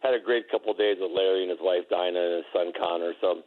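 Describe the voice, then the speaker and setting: A man's voice: low voice, fairly even intonation, fast talker, slight background noise. A man, a former basketball player, telling rambling, laughing anecdotes with many restarts. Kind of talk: casual storytelling. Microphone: phone. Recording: tinny phone line.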